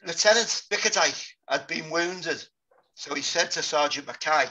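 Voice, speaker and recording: Sober man recounting combat, bright-toned. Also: fairly high pitch. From Britain. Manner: sober, halting recollection. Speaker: guest, war veteran. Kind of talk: interview storytelling. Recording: dull lo-fi podcast audio.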